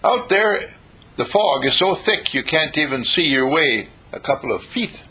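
A man's voice: fairly high pitch, a little slow, breathy edge. A man preaching a sermon, telling stories and acting out the characters in them. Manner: animated, acts out characters in the stories. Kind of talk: sermon with storytelling.

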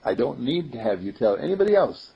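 A man's voice: mid-range voice, very animated, fast talker, gravelly, breathy edge. A man giving an informal spiritual talk to a group, playful and chuckling, repeating affirmations, on a dull lo-fi recording. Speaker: spiritual teacher.

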